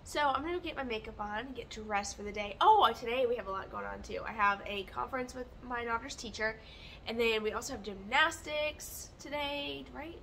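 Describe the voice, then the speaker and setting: A woman vlogging her day in a rambling, chatty, candid way, relaxed, with fillers and light laughs. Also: a little high, brisk, gravelly, slight background noise. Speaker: lifestyle vlogger. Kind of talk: chatty day-in-the-life vlog.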